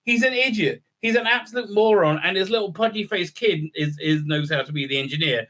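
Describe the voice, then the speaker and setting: A man's voice: sits high, expressive, brisk, a bit bright. A man recapping and reviewing a TV episode in a rambling, sarcastic way, full of fillers and silly acted-out voices.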